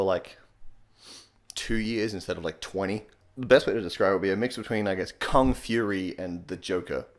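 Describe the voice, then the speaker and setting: Sarcastic young man with a low voice. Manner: sarcastic, deadpan, swears casually. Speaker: comedy YouTuber. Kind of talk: casual comedic tutorial.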